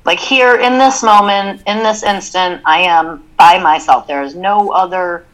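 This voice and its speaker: Low voiced woman on a podcast, thinking things through out loud, casual chat. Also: a little slow, poor audio. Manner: reflective, talks through ideas with examples. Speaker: podcast co-host.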